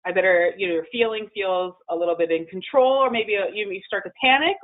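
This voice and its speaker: A woman's voice: mid-range voice, fairly quick. Woman presenting over a phone line. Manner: conversational, with many fillers and restarts. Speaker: presenter on emotional well-being. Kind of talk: webinar presentation.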